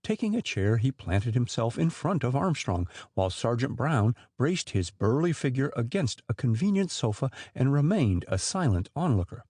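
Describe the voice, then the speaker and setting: A male audiobook narrator reads a mystery novel in a measured, steady manner. His pitch rises and falls with lively movement, and the sound is close and dry with no room around it. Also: breathy edge, no echo. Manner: measured, even storytelling.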